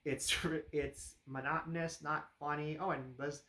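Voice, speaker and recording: A man talks through a movie review in a loose, rambling way, full of fillers and dry, sarcastic asides. His voice sits a touch higher than most men's. The room around him adds a noticeable echo. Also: flat delivery, a little slow, pushed and bright. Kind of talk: casual spoken review. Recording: roomy echo.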